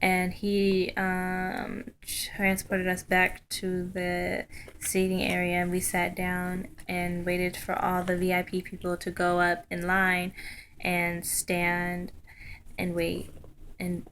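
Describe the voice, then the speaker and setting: A young woman tells a story to a webcam in a chatty, excited way, full of ums and likes. Her voice is bright and forward. A faint hiss sits under the recording. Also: on the low side, slow. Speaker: vlogger. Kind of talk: casual storytelling vlog.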